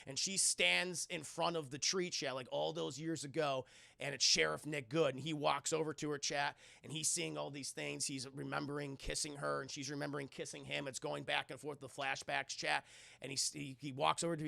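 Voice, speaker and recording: A young man recapping a horror film scene by scene for his live chat, swearing freely and loudly acting out the characters' lines. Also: fairly high pitch, normal speed, gravelly, no echo. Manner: profane, excitable, acts out quotes in loud voices. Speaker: streamer reviewing a film.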